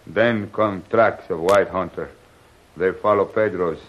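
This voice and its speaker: An actor playing a slow-witted native hunter who speaks halting broken English, in 1940s radio acting. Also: male voice, low-pitched, slight background noise. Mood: puzzled. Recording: muffled old radio transcription.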